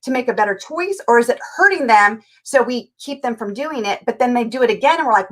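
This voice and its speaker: A woman life coach from California with a somewhat high voice, explaining her approach with energy. She slips into quoted voices to act out everyday scenes as she talks. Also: expressive, fast talker, few pauses, fairly bright tone. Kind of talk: animated interview talk.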